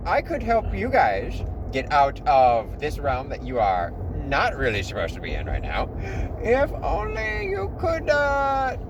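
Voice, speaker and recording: A man voicing a cacodemon who claims to be an old black dragon, talking in a whiny, wheedling, high voice. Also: wildly swooping pitch, unhurried, noisy background, heavily acted. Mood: pleading.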